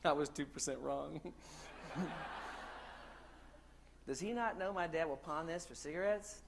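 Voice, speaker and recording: A man from the United States giving a conference keynote in a lively, joking storytelling way, asking the crowd questions. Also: a little high, a little slow, creaky, a little hiss or hum. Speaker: keynote speaker. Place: conference hall stage.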